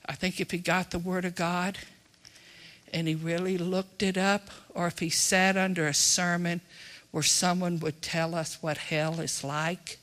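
Bright-voiced preacher with a drawl. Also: mid-range voice, level tone, unhurried. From Texas. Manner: folksy, emphatic, swings between loud and hushed. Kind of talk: sermon.

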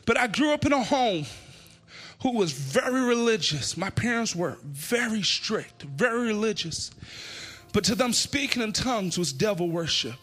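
A man preaching an impassioned sermon and altar call in a church, often shouting with a sing-song preaching cadence. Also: high-pitched, sing-song, normal speed, soft background music. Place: church sanctuary.

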